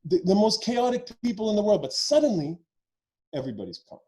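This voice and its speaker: Animated man telling a profane story. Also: high-pitched, fast, low-quality recording. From Quebec, Canada. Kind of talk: personal storytelling at a story slam. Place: virtual event.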